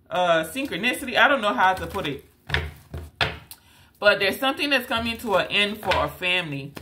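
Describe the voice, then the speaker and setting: In a mid-range voice that comes across pushed and bright, a tarot reader addresses the viewer emphatically. Her casual reading wanders, loops back on itself and is packed with fillers.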